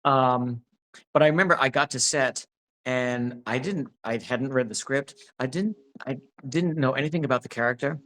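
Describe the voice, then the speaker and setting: A man's voice: medium pitch, moderate pace, fairly bright tone. A man being interviewed about his acting work, talking casually and rambling with many restarts. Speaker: actor, interview guest.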